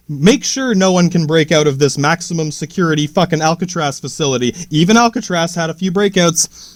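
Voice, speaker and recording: A man's voice: high voice, dry recording, studio quality. A man hosting a podcast, ranting in a rambling, profane way with many false starts. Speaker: podcast host.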